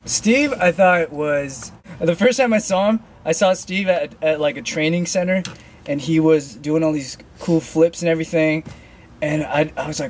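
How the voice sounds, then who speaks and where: A young man answering fan questions in a relaxed, rambling way that is full of fillers. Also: on the high side, moderate pace, a little hiss or hum. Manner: laid-back, loose, full of "like" fillers. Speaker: dance crew member answering fan questions. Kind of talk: casual Q&A.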